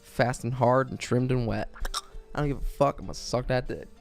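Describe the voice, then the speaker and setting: A man's voice: medium pitch, steady tone, a little fast, creaky, faint music behind. A young man streaming a video game, chatting casually in a rambling, crude and joking way, full of swearing. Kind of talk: casual gaming stream chat.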